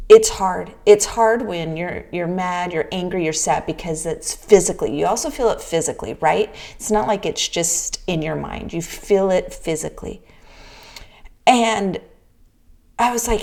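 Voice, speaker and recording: Speaking in a creaky, medium-pitched voice with a darkish tone, a middle-aged woman from the Pacific Northwest chats openly in a personal vlog. She frequently starts over and tosses in "right?" asides.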